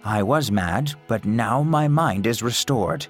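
A dying old knight speaks in a low, gentle voice, as a man voices him in a storybook. He is weak and soft-spoken, and his tone sits slightly hushed and resigned. Faint music plays behind him. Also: lively intonation, takes it slowly. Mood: weary. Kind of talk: storybook narration.

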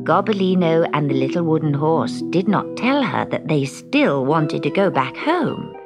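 Brief: female storyteller, unhurried, wide swooping delivery; music bed. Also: low voice. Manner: slow, very expressive. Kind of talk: storybook narration.

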